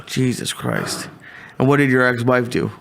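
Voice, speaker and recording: A man's voice: mid-range voice, fairly even intonation, moderate pace, creaky, a bit bright. A man hosting a casual chat, asking short questions and reacting to the stories.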